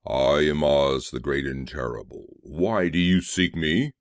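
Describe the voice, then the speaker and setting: A man's voice: a bass voice, measured pace, dry recording, studio quality, voice pushed down. A man voicing the invisible Oz as a solemn, commanding, terrible voice in an audiobook. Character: invisible Oz, booming grand terrible male voice.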